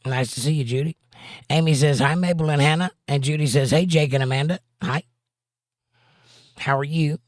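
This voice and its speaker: A man's voice: on the high side, fairly even intonation, moderate pace, pauses often, no room sound, clean studio sound. A man hosting a casual livestream, greeting viewers by name and reading their chat messages aloud, with playful rhyming jokes.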